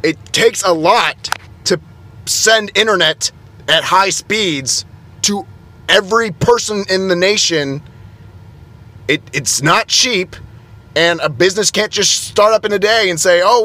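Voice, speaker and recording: A man's voice: high voice, unhurried, pushed and bright. A young man, an IT technician, ranting in a flustered, exasperated way and stumbling over his words. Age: young adult. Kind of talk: heated vlog rant.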